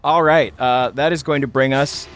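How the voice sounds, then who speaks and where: A man narrating as game master of a tabletop game, playful and animated. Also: mid-range voice, normal speed, slight background noise.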